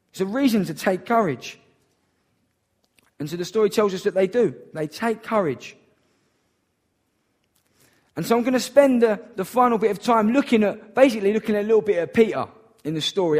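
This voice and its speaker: A man preaching a sermon in an earnest, emphatic way, repeating key phrases for weight. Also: high voice.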